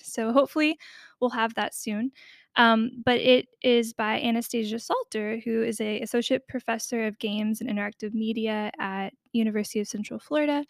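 A woman co-hosting a podcast, talking through a game's history in a thoughtful, scholarly way with quick asides. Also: a little high, creaky, no room sound, studio quality. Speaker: podcast co-host. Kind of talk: casual discussion.

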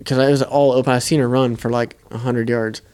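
A young man co-hosting a podcast tells a hunting story in a loose, easygoing way, swearing often. His voice is smooth and clear, in a middle pitch. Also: fairly quick. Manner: relaxed, profane storytelling. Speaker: podcast co-host. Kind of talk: casual hunting story chat.

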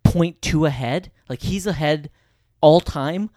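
A man co-hosting a movie podcast, talking casually and enthusiastically, swearing freely and getting louder when excited. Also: fairly high pitch, slow, no room sound, studio quality. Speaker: podcast co-host.

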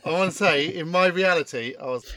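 A man's voice: on the high side, brisk, over a noisy crowd. A man hosting a comedy sketch podcast, chatty and self-mocking. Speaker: sketch podcast host and writer. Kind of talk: casual comedy chat.

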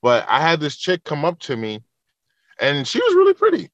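A man's voice: a little high, huge pitch swings, moderate pace, no echo, highs cut off. A man in a casual podcast chat who swears freely and tells stories, acting out what people said. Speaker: podcast guest.

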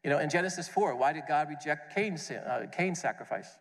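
A man preaching a conference sermon, animated, acting out questions and answers and repeating words as he goes. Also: on the high side, fairly quick. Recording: long hall reverb.

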